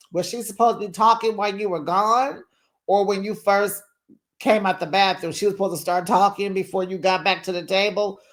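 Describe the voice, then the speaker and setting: Sassy man recapping reality TV. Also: a little high. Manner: sassy, animated, acts out quotes. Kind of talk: casual commentary recap.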